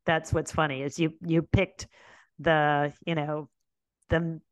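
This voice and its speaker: A woman's voice: sits low, level tone, slow pace, no echo. A woman hosting an interview podcast, asking questions and reacting encouragingly. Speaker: podcast host. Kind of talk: casual interview.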